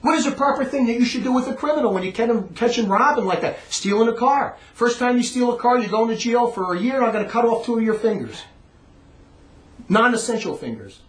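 Man, rambling emphatic ranter, high voice, echoey room. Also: animated, fast. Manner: rambling, emphatic, repeats words. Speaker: monologue speaker. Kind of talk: ranting monologue. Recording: roomy echo.

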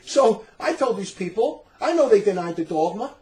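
A middle-aged man telling a story in casual chat, animated and laughing often as he acts out the people in it. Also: sits high, moderate pace, poor audio. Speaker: storyteller in a religious talk recording.

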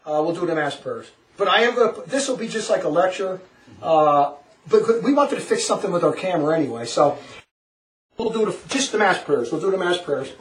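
A man giving a passionate religious lecture to a small group, animated and laughing often as he acts out quotes. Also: high voice, fairly quick, roomy sound, recorded from a distance, poor audio. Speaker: religious teacher.

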